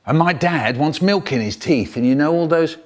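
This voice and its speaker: Animated male storyteller. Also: on the high side, moderate pace. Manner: animated, jumps between voices of family members. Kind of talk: spliced comic storytelling.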